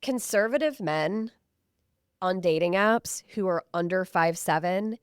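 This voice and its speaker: A woman's voice: fairly low pitch, measured pace, smooth, no room sound, studio quality. A woman co-hosting a podcast, telling dating stories in casual chat with blunt, profane humor. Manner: blunt, storytelling, swears freely. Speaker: podcast co-host. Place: Houston area.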